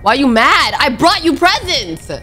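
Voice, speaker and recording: A young gaming YouTuber plays a horror game on her channel, talking casually with slang and reacting in a jumpy, dramatic way, pleading when scared and shouting at sudden frights. Her voice is high and sing-song, and she speaks unhurriedly.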